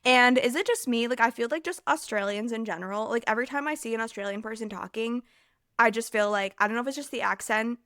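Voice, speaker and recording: A woman's voice: fairly high pitch, fast, a bit bright, dry recording, studio quality. A young American woman hosting a casual solo podcast, rambling and chatty with lots of fillers, overheated and a little scattered. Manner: rambling and chatty, heavy filler use, self-interrupting. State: overheated, distracted. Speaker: podcast host.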